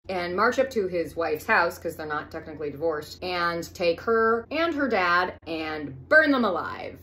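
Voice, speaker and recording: A woman's voice: fairly low pitch, animated, normal speed, hardly any pauses, a bit bright. A woman retelling an old story as campy comedy, with profane, incredulous asides.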